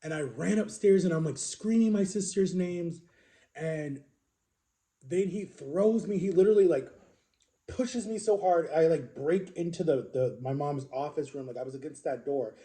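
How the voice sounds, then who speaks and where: A man telling a personal story to camera in an earnest, halting way, with frequent fillers. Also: fairly high pitch, warm tone. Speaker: vlogger.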